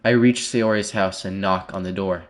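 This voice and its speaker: Speaking at a moderate pace in a deep voice with fairly even intonation, a male streamer reads a game's text aloud and comments on it live. His reactions range from quiet, scared mumbling to sudden loud yelps, and he keeps repeating short phrases.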